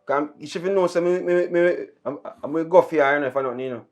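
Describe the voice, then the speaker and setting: A woman's voice: low-pitched, fast, natural voice. A woman with a Jamaican accent, playing a hot-tempered police officer who heatedly defends her troubled niece in Patois. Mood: defensive. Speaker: actor in a Jamaican film. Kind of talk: film acting.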